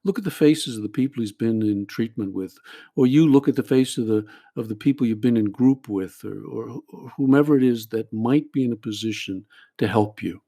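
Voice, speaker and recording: A male priest and addiction counselor walks a listener through a group therapy exercise, with a dark, mellow tone. He speaks earnestly and stumbles through repeated restarts. He keeps pausing to check in with "all right?". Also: mid-range voice.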